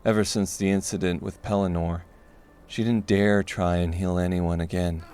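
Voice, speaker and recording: A man narrating a dark fantasy audiobook in a steady, measured way. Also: low-pitched, background noise.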